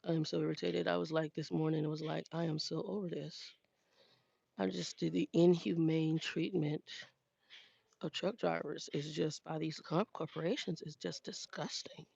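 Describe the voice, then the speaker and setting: A woman's voice: low-pitched, steady tone, normal speed, gravelly, a little mellow, breathy edge, no echo. An older woman, a truck driver, chatting casually with viewers in a frank, exasperated way, restarting sentences often. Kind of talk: casual chat with live viewers. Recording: dry, dull lo-fi sound.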